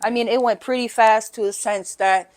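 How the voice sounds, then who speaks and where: A middle-aged woman appears as a guest on a recovery podcast, recounting her story openly but haltingly and frequently adding "right?" and "you know." Her voice is fairly high, with fairly even intonation.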